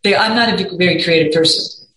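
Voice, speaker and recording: A woman's voice: on the low side, quick pace, a bit bright, a little hiss or hum. A woman guest on a podcast who talks earnestly in casual chat, often restarting her sentences and quoting her own self-talk. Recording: roomy echo, faint background.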